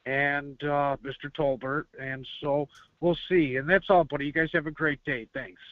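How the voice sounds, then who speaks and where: A man's voice: on the high side, steady tone, moderate pace, dry recording. A man from Buffalo, New York, calling in to a sports show, chatty with chuckles. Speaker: caller. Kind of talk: phoned-in fan talk. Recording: muffled phone line.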